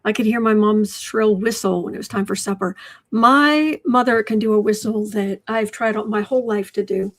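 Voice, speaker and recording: A woman hosting a casual livestream at her desk, reading viewer comments aloud and often dropping into soft asides. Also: medium pitch. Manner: slow, drops to soft asides and whispers. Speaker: livestream host reading chat. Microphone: desk microphone.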